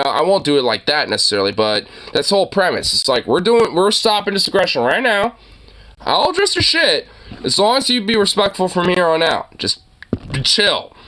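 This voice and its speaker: A man's voice: a little high, pushed and bright. A young man in casual, profane reaction chat, rambling and getting heated.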